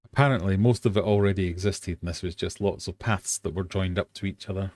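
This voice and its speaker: A man's voice: sits low, a little fast, darkish tone, dry recording. Chatty man hosting a live quiz. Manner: chatty, jokey, self-deprecating. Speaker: host of a fishkeeping live stream quiz. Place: home fish room.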